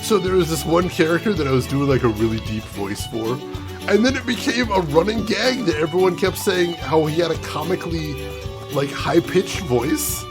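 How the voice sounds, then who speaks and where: A man's voice: on the high side, animated, normal speed, music in the background. A man casually commentating a game live stream, chatting with his viewers and laughing often.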